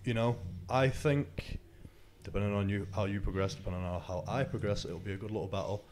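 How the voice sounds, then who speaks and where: Man, podcast host, low voice, rambling, casual swearing. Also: steady tone, brisk, noisy background.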